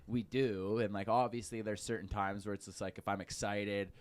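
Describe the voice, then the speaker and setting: A man's voice: on the low side, little pitch movement, normal speed, clear, resonant tone. A young man with an Alberta accent, a comedian guest talking loosely with lots of "like" and swearing in casual podcast chat. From Canada.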